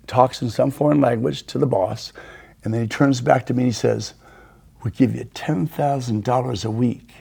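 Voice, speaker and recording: Older male host, gravelly and husky, slow storyteller who drops his voice for quotes. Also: medium pitch, dark tone. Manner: unhurried anecdotes, quoting others in dropped voice. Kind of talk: casual storytelling interview.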